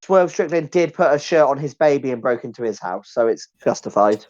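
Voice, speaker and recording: A man's voice: mid-range voice, animated, fairly quick, darkish tone, highs cut off. A man co-hosting a podcast, bantering casually in a jokey, rambling way. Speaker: podcast co-host. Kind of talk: casual banter among friends.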